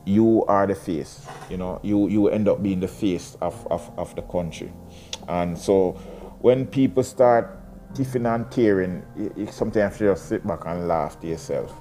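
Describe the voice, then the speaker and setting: A man's voice: deep voice, unhurried, dark tone, soft background music. A man from Jamaica, talking casually and reading aloud, rambling with many restarts.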